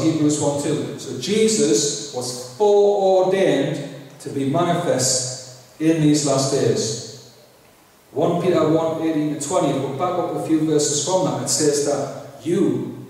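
A man's voice: high-pitched, darkish tone, a little hiss or hum. A man preaching a sermon as pastor, often asking the congregation "okay?" and saying "praise God" between points. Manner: frequent tag questions to the congregation. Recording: echoey hall, voice far from mic.

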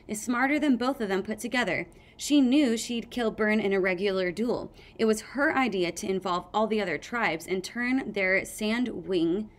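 A woman's voice: medium pitch, close to an everyday voice. A woman doing a snappy, sarcastic young dragon. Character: sarcastic sharp-tongued young female dragon.

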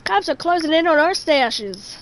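A woman's voice: sits high, animated, moderate pace. A young woman giving live commentary while playing a video game, chatting with viewers and swearing in frustration.

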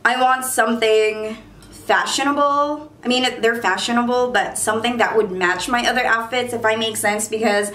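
Bubbly young woman vlogging in a roomy space. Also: fairly high pitch. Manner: bubbly and excitable, apologetic asides. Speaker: beauty vlogger. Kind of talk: casual chatty haul video. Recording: roomy echo.

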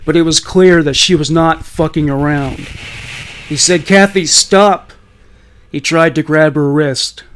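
A man reading a scripted true-crime story in a measured, blunt manner with occasional profanity. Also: a little high, fairly bright tone. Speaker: narrator.

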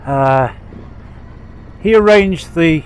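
A middle-aged English motorcycle vlogger narrates casually as he rides a sidecar on country roads outdoors, rambling through stories with many fillers and restarts. His voice is fairly high with drawn-out words and a clean tone, but the audio is poor, with road and engine noise behind.

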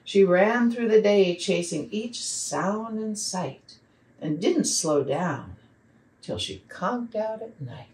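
Woman reading aloud to kids, expressive, lively pitch, slow pace, echoey, distant mic. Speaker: children's program facilitator. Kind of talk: reading poems and a picture book aloud. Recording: roomy sound from a distant mic.

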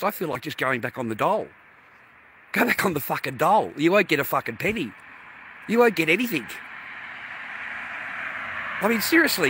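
A man's voice: on the high side, sharp tone, husky. A man venting to his viewers in an indignant, swear-filled rant while out on a walk. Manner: indignant, swears constantly, talks straight to viewers. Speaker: vlogger. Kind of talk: profane to-camera rant. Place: outdoors on a walk.

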